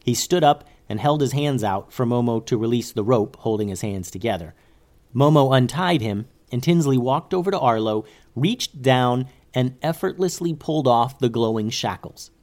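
Calm man reading a children's story. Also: mid-range voice, normal speed.

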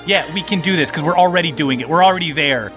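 A man's voice: on the high side, fast talker, music in the background. A man narrating as game master in a tabletop game, loose and playful with many fillers.

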